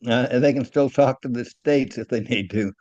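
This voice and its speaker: A man's voice: mid-range voice, a little mellow, no echo, dull audio. Older guy, retired engineer, stop-start talk w lots of repeats, dullish dry audio. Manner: halting, repeats words, chuckles at own stories. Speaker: retired aircraft engineer guest. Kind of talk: casual interview talk.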